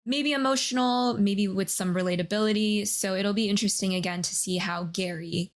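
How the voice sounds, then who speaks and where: A woman co-hosting a casual reality-TV reaction chat. She talks in a measured, thoughtful way and hedges a lot with "maybe" and "kind of". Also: medium pitch. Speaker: co-host.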